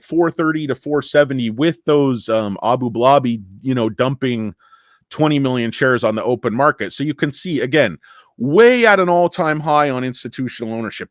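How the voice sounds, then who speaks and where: Middle-aged man, stock show host; animated, swinging ranting delivery, jokey and crude, dry close-miked sound. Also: on the high side, dry recording. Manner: rambling, jokey, profane ranting with tangents. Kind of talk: ranting livestream commentary.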